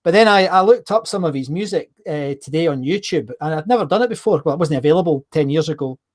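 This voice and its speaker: A man's voice: on the high side, animated, fast. A man hosting a casual chat, hesitant with many restarts. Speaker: host.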